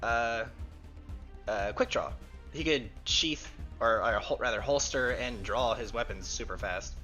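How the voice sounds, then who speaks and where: A man's voice: medium pitch, unhurried, sharp tone, faint music behind. A man in casual chat on a tabletop gaming stream, laughing, rambling and swearing casually. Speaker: co-game master and player.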